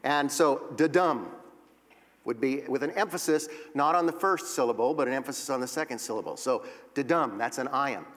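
A man's voice: mid-range voice, quick pace, hardly any pauses, a bit bright. A man teaching a Bible class, explaining poetry step by step and reading verses aloud. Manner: explanatory, reads verses aloud and taps out rhythms. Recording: long reverb of a hall.

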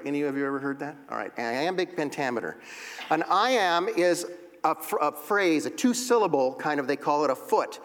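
In a slightly high, somewhat bright voice, a man leads a Bible class, explaining poetry one step at a time. He reads the verses aloud and taps out their rhythms, with long hall reverb in the background.

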